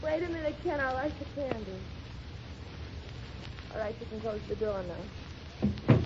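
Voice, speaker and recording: An actress in a 1930s radio drama playing a devoted young wife, affectionate, emotional and insistent. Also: female voice, on the high side, animated, unhurried. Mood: tender. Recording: dull 1930s radio broadcast, light hiss.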